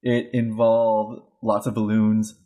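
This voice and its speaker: A man co-hosting a casual chat, talking in a halting way with restarts. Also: fairly low pitch, monotone, warm tone.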